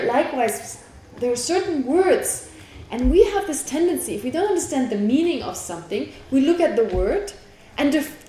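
A woman lectures to a class in a mellow, fairly high voice, explaining a point step by step and pausing to ask her students questions. The room is echoey, with a faint hiss of noise behind her. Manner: explanatory, asks the class questions, laughs easily. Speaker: Buddhist philosophy teacher.

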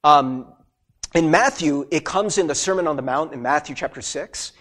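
A man as a pastor preaching a sermon, talking in an animated, conversational way with many asides. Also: on the high side, moderate pace.

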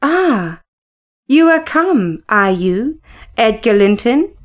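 A woman's voice: on the high side, very animated, slow. A woman voicing a feverish young woman who pleads dramatically and turns bitter toward her husband.

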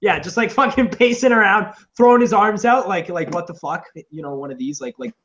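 A man's voice: high voice, animated, fairly quick, muffled recording. Rambling profane man telling a story. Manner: rambling, profane, acts out shouted quotes. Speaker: podcast co-host. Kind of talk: casual comedic chat. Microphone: on camera, seated.

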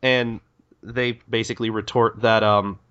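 A man's voice: lowish voice, sharp tone, muffled recording. A man co-hosting a podcast, casually retelling manga scenes with lots of ums and uhs. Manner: retells scenes with quick voiced quotes, many fillers. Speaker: podcast co-host. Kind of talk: casual chat recapping a manga.

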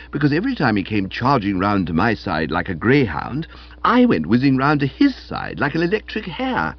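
Male audiobook reader, husky, playful comic narration, muffled lo-fi sound. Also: mid-range voice. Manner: animated, wry storytelling, characterful quotes. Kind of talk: scripted comic novel narration. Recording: dull lo-fi recording.

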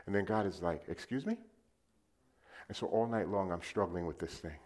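A middle-aged man preaching a sermon, telling a personal story and swinging from loud calls to the crowd to hushed, quiet lines. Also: low-pitched, fast.

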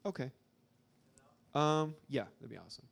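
A man's voice: fairly high pitch, normal speed, gravelly. A young man from Arkansas speaking informally to a live audience, rambling through a story with lots of fillers. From Arkansas, USA. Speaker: speaker at a church gathering.

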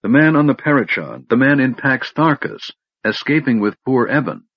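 A man's voice: medium pitch, lively intonation, normal speed, slightly rough, dry recording, pitched above the performer's own voice. A man voicing a nervous, cornered male soldier who hesitates and stammers. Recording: dull lo-fi recording.

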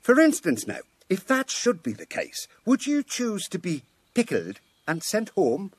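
A swaggering Irish baronet speaks coolly of pistols and distances , as a man plays him. His voice is high and lively and rises and falls as he teases. The sound is dry and close, with no room around it. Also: measured pace, breathy edge, no echo, exaggerated voice. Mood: breezy. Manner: breezy, ironic, coolly teasing. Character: swaggering Irish baronet, duel-loving second.

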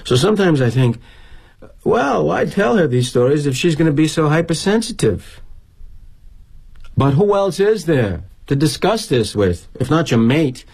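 A middle-aged actor playing a weary, guilt-ridden corporate executive in a dramatic monologue, wry and confiding. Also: male voice, a little high, sing-song, measured pace, vocal fry, a little mellow, husky, exaggerated voice.

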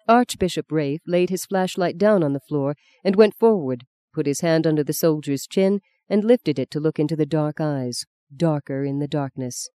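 An audiobook narrator reading a literary novel in a measured, even storytelling manner. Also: mid-range voice, clear, resonant tone, no echo.

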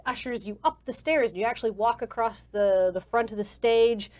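A woman's voice: a little high, brisk, a little mellow. A woman narrating a tabletop game as game master in a casual, descriptive way. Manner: casual, descriptive, many fillers.

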